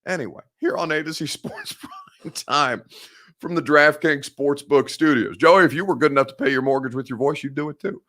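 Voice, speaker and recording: A man's voice: a little high, a little fast, fairly bright tone. A young man from Indiana with a Midwestern American accent, hosting a sports talk show and ranting with heated sarcasm and free swearing. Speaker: sports radio host.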